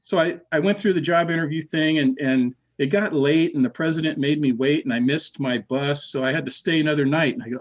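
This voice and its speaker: A man's voice: on the high side, fairly quick, hardly any pauses. Man telling ghost stories, slightly muffled. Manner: animated, repeats words, acts out quoted voices. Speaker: podcast guest. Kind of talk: casual storytelling.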